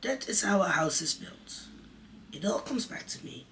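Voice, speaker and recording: A man's voice: high-pitched, lively intonation, moderate pace, vocal fry, bright, forceful tone, a little hiss or hum, voice pushed up, exaggerated voice. A man voicing an earnest boy who talks in a grave, mock-important way. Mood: solemn. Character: solemn boy playing grown-up, earnest.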